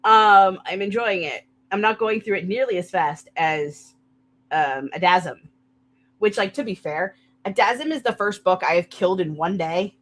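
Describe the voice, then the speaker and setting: A young woman chatting casually on her live stream, excitable and rambling, with frequent restarts and laughter. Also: medium pitch, moderate pace. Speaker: streamer hosting a write-with-me stream.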